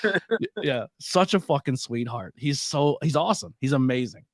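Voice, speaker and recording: A man's voice: medium pitch, lively intonation, moderate pace, dry recording. A man from Pennsylvania hosting a podcast, telling stories animatedly, swearing freely and laughing often. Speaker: podcast host. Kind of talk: casual interview chat.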